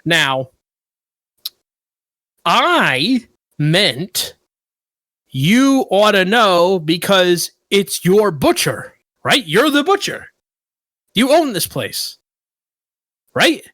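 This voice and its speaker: A man's voice: sits high, extremely slow, long pauses, no room sound. Podcast guy telling a story, voice all over the place, super dry sound, gets real worked up. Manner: animated storyteller who gets worked up and indignant. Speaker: podcast co-host. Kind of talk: casual podcast chat, telling an anecdote.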